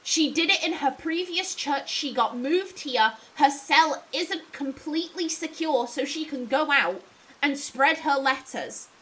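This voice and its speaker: High, bright-voiced English woman gamer. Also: measured pace. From England. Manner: chatty, theorizing, animated. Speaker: let's play streamer. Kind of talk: casual gameplay commentary.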